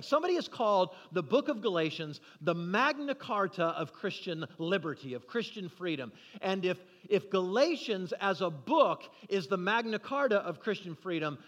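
A man's voice: sits high, a bit bright. A man preaching a sermon as pastor, talking conversationally with restarts and building emphasis. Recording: long hall reverb.

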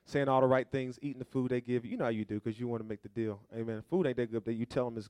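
A man's voice: medium pitch, fairly even intonation, racing, hardly any pauses, darkish tone, smooth, dry recording, studio quality. A man pastor preaching a sermon, with call-and-response questions to the congregation and folksy, conversational storytelling.

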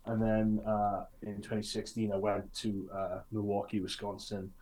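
A man's voice: lowish voice, flat delivery, moderate pace, darkish tone. A man chatting on a sports podcast, upbeat and teasing. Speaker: podcast co-host. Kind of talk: casual chat.

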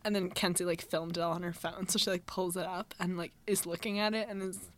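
A woman's voice: lowish voice, fairly even intonation, a little fast. A young woman co-hosting a podcast, recapping a TV episode in casual chat, laughing often and filling her talk with "like.". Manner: chatty, laughs often, frequent "like" fillers. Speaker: podcast co-host.

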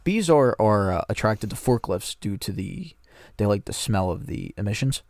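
A man's voice: fairly low pitch, very animated, moderate pace, a little mellow, dry recording, studio quality. A man co-hosting a podcast, telling a rambling anecdote in casual chat and swearing a lot. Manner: rambling storytelling, frequent swearing. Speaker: podcast co-host.

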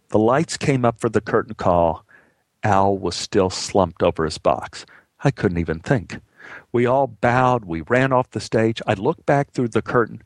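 A man's voice: medium pitch, normal speed, creaky, no room sound. A man telling a personal story aloud with a vivid, dramatic delivery.

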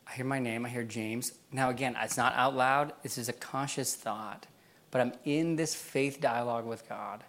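A man's voice: mid-range voice, steady tone, moderate pace, fairly bright tone. A man preaching a sermon in a church, telling a personal story in a casual way, with many fillers and frequent laughs. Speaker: pastor.

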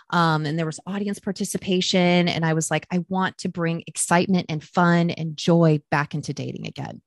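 A woman's voice: no room sound, clean studio sound. A woman working as a matchmaker, telling her story in a casual podcast chat and acting out the quotes she tells. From Midwest United States. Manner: animated storyteller, acts out quotes with raised pitch. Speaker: matchmaker and guest.

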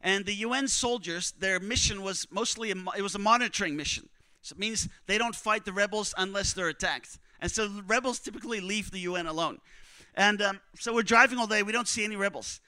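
A man preaching, telling a story in a conversational, animated way and acting out what others said. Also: high voice, fairly quick, clean tone, dry recording. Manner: animated, conversational, acts out quotes. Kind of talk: sermon storytelling.

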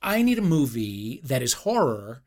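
A man's voice: medium pitch, sing-song, a little mellow. Playful man hosting a comedy game show. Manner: playful, quick asides and swearing.

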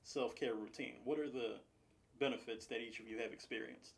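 Gravelly-voiced interview host. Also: mid-range voice, steady tone, brisk. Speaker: podcast host. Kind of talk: interview questions.

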